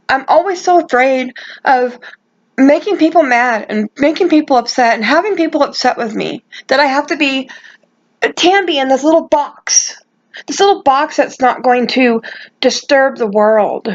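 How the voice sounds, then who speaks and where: Woman vlogger, high voice, earnest and emphatic monologue, lo-fi audio. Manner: passionate and emphatic, with restarts. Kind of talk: personal vlog monologue.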